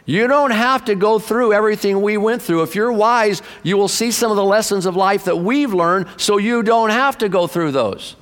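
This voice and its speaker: A man in his sixties preaching a sermon to his church, impassioned, swinging from loud bursts to hushed low asides. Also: moderate pace, hardly any pauses. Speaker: pastor. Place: church sanctuary. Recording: long reverb of a church hall.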